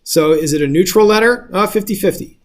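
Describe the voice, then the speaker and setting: A man's voice: high voice, brisk. A male instructor giving a casual lecture, explaining step by step and often checking if the class follows.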